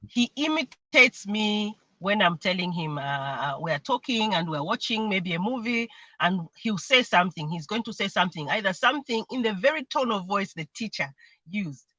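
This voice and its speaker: Woman guest, earnest explainer, bright tone, dry mic. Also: mid-range voice, expressive, moderate pace, no room sound, lo-fi sound. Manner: earnest, explanatory, imitates voices when quoting. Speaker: mentee sharing her experience. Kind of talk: livestream conversation. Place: remote video call.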